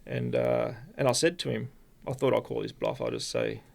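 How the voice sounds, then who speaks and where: An Australian man, a podcast guest, telling a personal story in a halting, rambling way with many restarts. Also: fairly low pitch, huge pitch swings, vocal fry. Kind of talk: casual storytelling.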